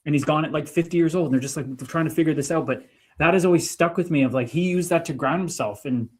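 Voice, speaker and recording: A man co-hosting a livestream, telling spiritual stories in an animated way that swings between loud and soft. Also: fairly high pitch, fast talker, husky. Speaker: livestream co-host. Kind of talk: spiritual casual chat.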